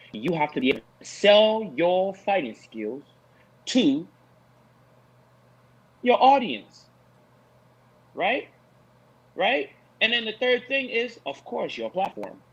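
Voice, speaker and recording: A man talking in an animated post-fight show discussion, preachy and emphatic, repeating his points for effect. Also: a little high, slow pace, pauses often, breathy edge, dull audio. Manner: preachy, emphatic, repeats lines for effect, mocks with put-on voices.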